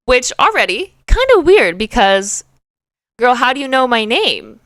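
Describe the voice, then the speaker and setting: A young adult woman hosting her show, telling a story in a chatty, animated way full of fillers. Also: fairly high pitch, measured pace, no room sound, studio quality. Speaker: podcast host. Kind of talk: casual storytelling.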